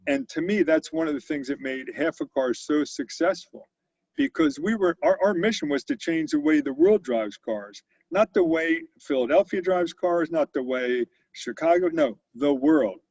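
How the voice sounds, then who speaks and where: Telling stories in a conversational interview, this CEO in his sixties leans on fillers and restarts a lot. His voice is a little high and slightly mellow, with lively intonation at normal speed. There's no room sound, and the audio is dull and lo-fi.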